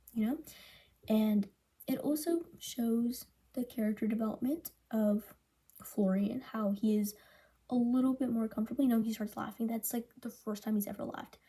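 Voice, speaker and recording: Teen girl, student vlogger, casual book-project talk; very dark, husky tone. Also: mid-range voice. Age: teens. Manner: chatty, filler-heavy, breaks off to read passages aloud. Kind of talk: casual spoken book review.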